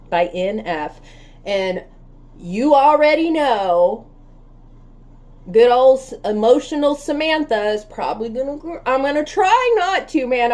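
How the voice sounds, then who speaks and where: A woman's voice: sits high, darkish tone. A woman hosting a reaction channel, chatting casually and affectionately with her viewers in a bubbly, talkative way. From United States.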